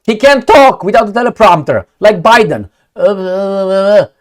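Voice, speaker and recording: A man ranting angrily about the news, sarcastic and swearing, reading headlines aloud and picking them apart. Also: normal speed. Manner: angry, sarcastic, swearing, lively swings in pitch. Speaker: political commentator.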